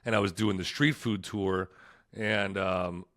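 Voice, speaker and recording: A laid-back man chats as a podcast guest, his lowish voice bright and forward. He tells travel stories loosely, laughing often and throwing in "dude.". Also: fairly even intonation, unhurried. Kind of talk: casual podcast interview.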